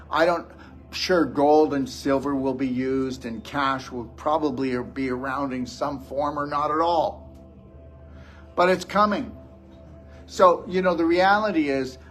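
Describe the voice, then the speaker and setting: Brief: man, fairly high voice, preachy and confrontational motivational speaker, faint music behind. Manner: blunt, scolding, preachy. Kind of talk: motivational lecture to a live audience.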